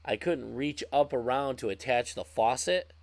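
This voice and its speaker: A man's voice: mid-range voice, normal speed, gravelly, no room sound. A man co-hosting a podcast in casual chat, swearing freely and acting out his own angry outbursts. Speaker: podcast co-host.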